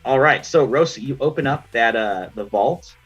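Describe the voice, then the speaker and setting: Male game master, husky, easygoing narration, dull lo-fi audio with faint music. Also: medium pitch. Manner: relaxed, with slow descriptive narration.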